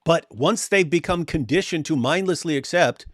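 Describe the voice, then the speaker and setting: Male co-host with a higher pitch, animated, quick to mimic others, dry recording. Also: no echo. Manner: animated, acts out quoted voices, frequent restarts. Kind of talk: casual panel discussion.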